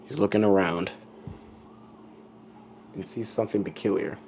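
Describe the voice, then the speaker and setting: A man's voice: lowish voice, normal speed, vocal fry, a little mellow, a little hiss or hum. A man telling a fan story in a casual, rambling way, with self-correcting asides. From United States.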